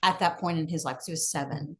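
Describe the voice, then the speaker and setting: A woman's voice: sits low, steady tone, quick pace. A woman guest author in casual conversation, candid and reflective with dry humor. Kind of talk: casual chat.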